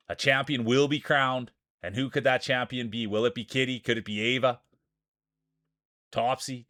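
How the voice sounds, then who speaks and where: A man with a strong rural Saskatchewan Canadian accent calling a marble race live on stream, hyping racers with playful announcer shout-outs. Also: medium pitch, no echo, studio quality.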